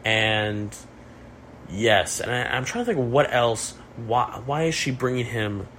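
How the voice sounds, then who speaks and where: Young man, podcast host, mock-serious musing, mid pitch, faint noise. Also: a little slow. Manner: jokey, deadpan mock-profound musing. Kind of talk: casual chat.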